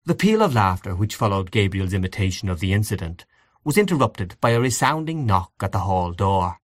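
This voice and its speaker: A man narrating classic fiction in a measured, expressive audiobook reading. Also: deep voice, no echo, studio quality.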